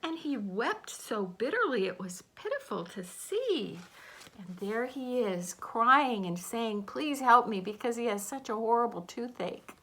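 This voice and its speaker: Slow lively woman reading to kids. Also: a little high. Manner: slow, gentle, explaining the pictures. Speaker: storytime reader. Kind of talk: reading a picture book aloud to children.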